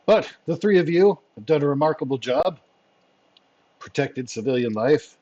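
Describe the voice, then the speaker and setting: A man doing a composed male spy chief, formal and measured, with a dry, wry edge to his orders. His mid-range voice comes through slightly muffled, lo-fi audio. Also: mid-range voice, darkish tone, pitched above the performer's own voice, lightly acted.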